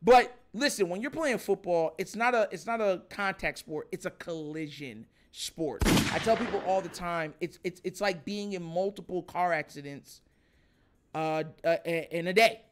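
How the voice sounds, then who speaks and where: A man's voice: high-pitched, normal speed, slight background noise. A man in casual sports talk, speaking emphatically in slang, laughing often and often asking "you know what I'm saying.".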